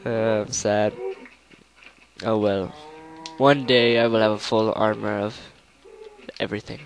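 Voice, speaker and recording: A man's voice: fairly low pitch, level tone, unhurried, creaky. Young male let's player, casual rambling commentary, faint noise in the recording. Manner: rambling, breaks into song snippets.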